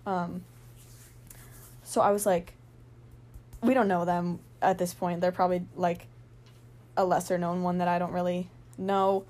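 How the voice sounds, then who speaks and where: A young woman telling a rambling, excited story in a casual vlog, full of fillers and laughs. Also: fairly low pitch, measured pace, long pauses.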